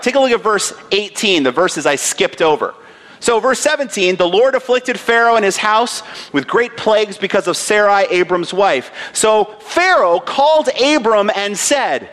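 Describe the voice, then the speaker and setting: A man's voice: high voice, lively intonation, moderate pace, fairly bright tone. A man in his thirties, a pastor preaching a sermon with earnest emphasis and personal stories.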